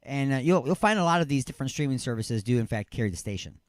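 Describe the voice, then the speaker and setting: A man hosting a live radio talk show, plugging his station in a loose, rambling way with playful jokes, swinging from loud hype to mumbled asides. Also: mid-range voice, animated, quick pace, no echo, studio quality. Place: radio studio.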